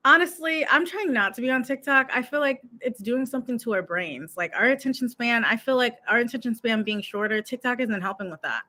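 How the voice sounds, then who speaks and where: Pitched on the high side, her voice sounds pushed and bright. She's a young YouTube coach from the United States, giggling and rambling through a casual vlog packed with "like."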